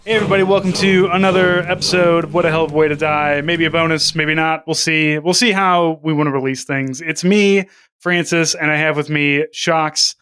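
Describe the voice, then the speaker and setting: A man's voice: fairly high pitch, fairly even intonation, brisk. A man co-hosting a casual podcast chat, rambling and jokey with plenty of swearing. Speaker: podcast co-host.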